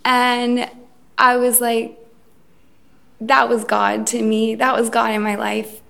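Halting woman telling her story. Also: on the high side, level tone, gravelly, a bit bright. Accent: Irish. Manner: hesitant, many ums and restarts. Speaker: speaker sharing her recovery story. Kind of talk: personal testimony at a meeting. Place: event room. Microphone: recorded.

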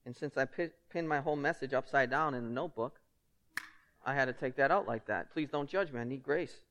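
A man's voice: mid-range voice, fairly quick, fairly bright tone, muffled recording. Emphatic preaching pastor, a man. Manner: conversational and emphatic, asks the congregation rhetorical questions. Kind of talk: sermon.

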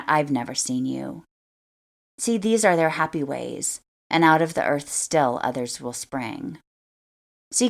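A woman reading scripture aloud as the show's host, in a measured, earnest way. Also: sits low, vocal fry. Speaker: scripture reader.

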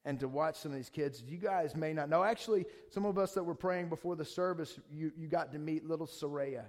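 High-voiced enthusiastic man preaching. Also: a little fast. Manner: enthusiastic, conversational, frequent restarts and rhetorical questions. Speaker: pastor. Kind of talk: sermon.

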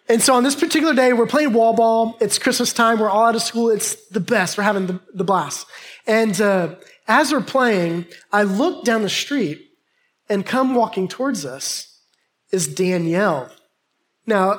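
A man preaching a sermon, telling a lively, humorous personal story to a congregation. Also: high voice. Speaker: pastor.

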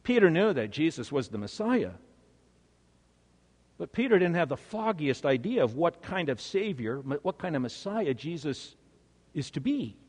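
A male preacher delivering a sermon with dramatic storytelling, swinging from hushed to emphatic. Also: on the high side, sing-song, measured pace, slightly rough, big-room sound.

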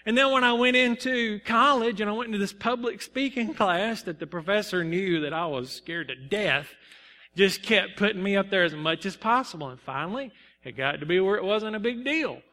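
A young man preaches with a high, bright, ringing voice, sharing personal stories in an earnest, emphatic way. His words carry a long reverb through the church sanctuary. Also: lively intonation, moderate pace. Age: young adult. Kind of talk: sermon.

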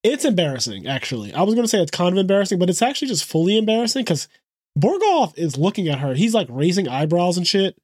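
A man with a fairly high voice recaps a show on a podcast, loose and profane. He acts out the characters' lines as he goes. The sound is dry and close. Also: sing-song, quick pace, husky, no echo. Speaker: podcast co-host.

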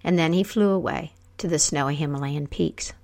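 A woman telling a folk tale aloud, acting out the characters with lively voices. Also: deep voice, moderate pace. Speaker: storyteller. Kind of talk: oral storytelling.

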